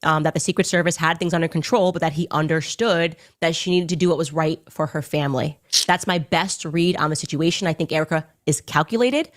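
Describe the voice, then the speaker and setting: A woman's voice: low voice, brisk, few pauses. A woman giving pointed, accusatory political commentary in a clip from an online show. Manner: emphatic, accusatory, speculative. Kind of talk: opinion commentary.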